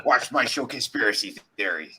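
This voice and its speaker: A man co-hosting a podcast, jokey and quick to laugh in casual chat. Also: medium pitch, lively intonation, sharp tone, a little hiss or hum.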